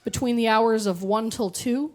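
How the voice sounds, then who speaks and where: A woman from Canada performing a stand-up comedy set on stage, with animated, mock-indignant storytelling. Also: a little high, normal speed. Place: comedy club stage with audience laughter.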